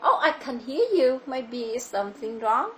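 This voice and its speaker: A woman's voice: fairly high pitch, animated, normal speed, fairly bright tone, slight background noise. A woman with a Vietnamese accent teaching a child English over a video call, patiently repeating her questions. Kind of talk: online English lesson for a child.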